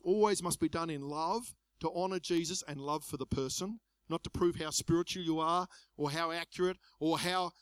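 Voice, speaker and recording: A middle-aged man preaching a sermon, swinging between loud emphasis and soft asides. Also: high-pitched, smooth, no room sound. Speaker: pastor.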